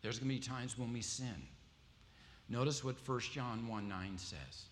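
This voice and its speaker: A man's voice: mid-range voice, a little slow, a little hiss or hum. A man preaching a sermon to a congregation, telling stories and quizzing the audience with questions. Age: adult with wife and kids. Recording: long hall reverb, faint ambience.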